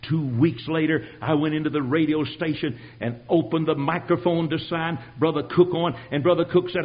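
Husky older man preaching his testimony. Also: a little high, animated, brisk, hardly any pauses, highs cut off. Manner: dramatic storytelling, swinging from quiet to shouted. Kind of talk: sermon testimony.

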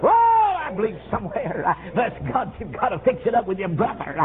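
A man preaching a revival sermon, fervent and swooping, with frequent "uh"s and bursts of shouting. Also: high voice, animated, fairly quick, crowd noise. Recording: tinny phone-like old recording with faint hiss.

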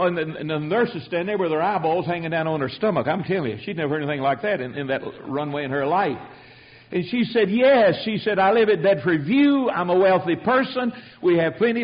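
Emphatic high-voiced man preaching. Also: highs cut off. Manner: storytelling, emphatic. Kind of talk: sermon.

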